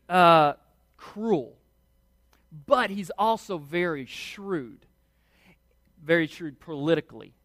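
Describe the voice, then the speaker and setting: A man preaching a sermon, telling the story in a lively, casual way and acting out voices of the people in it. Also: high voice, no echo, studio quality. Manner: animated storytelling, acts out voices.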